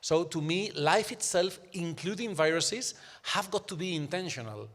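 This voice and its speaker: A man's voice: a little high, animated, moderate pace, fairly bright tone, long reverb tail. A man speaking on a live symposium panel. He argues emphatically and keeps checking in with his listeners. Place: university auditorium.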